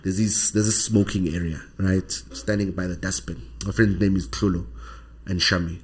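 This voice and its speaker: A South African man, appearing as a podcast guest, recounts a personal story in lively conversation and keeps tagging "right?" onto his sentences. His husky voice sits low and moves at a moderate pace.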